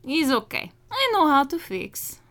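A woman voicing a cheeky, teasing male hockey roommate with slow, deadpan one-liners. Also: sits high, voice pushed up, full character voice.

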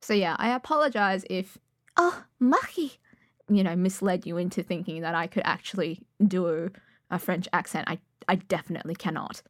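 A woman's voice: lowish voice, steady tone, a little fast, dry recording, studio quality. A young adult woman chatting casually about recording a podfic, rambling and self-deprecating with lots of fillers. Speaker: podfic reader. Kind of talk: casual chat.

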